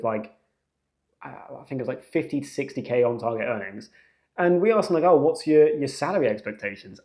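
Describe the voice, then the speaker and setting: A young man, hosting a podcast and telling a story in a casual, animated, slangy way. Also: medium pitch. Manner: animated, slangy, jumps into acted quotes. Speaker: podcast host.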